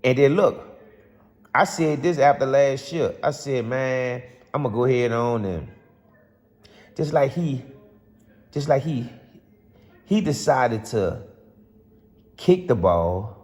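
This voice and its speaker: A man's voice: medium pitch, lively intonation, slow, long pauses, a little mellow. A man ranting passionately to camera as a vlogger, rambling and repeating himself. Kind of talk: casual football rant to camera. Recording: long hall reverb.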